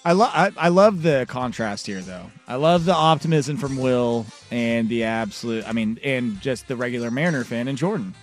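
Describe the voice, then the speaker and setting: A man's voice: medium pitch, lively intonation, moderate pace, hardly any pauses, soft background music. A man hosting a casual sports talk show, teasing his co-hosts playfully. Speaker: host.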